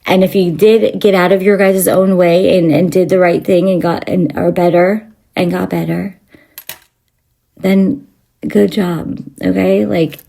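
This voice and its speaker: A woman's voice: lowish voice, flat delivery, a little slow, vocal fry, warm tone. A woman hosting a spiritual channel, ranting in a rambling, profane way with constant fillers and restarts. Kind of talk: unscripted spiritual rant to camera.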